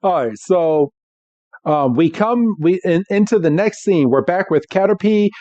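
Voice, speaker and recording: A man co-hosting a podcast, casually recapping a cartoon episode in a relaxed storytelling way with lots of fillers. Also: sits high, measured pace, no room sound, dull audio. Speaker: podcast co-host.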